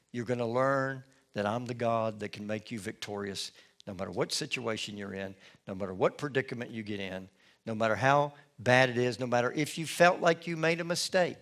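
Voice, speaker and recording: A male preacher voicing God, speaking firmly and reassuringly in a lowered, measured voice. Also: fairly bright tone, natural voice. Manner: firm, reassuring. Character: calm, firm, deep-voiced God, male.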